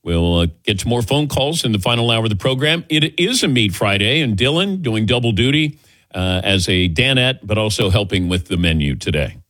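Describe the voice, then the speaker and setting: Animated male sports radio host. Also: on the low side, brisk, no room sound. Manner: chatty, laughs easily, animated delivery. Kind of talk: casual sports talk.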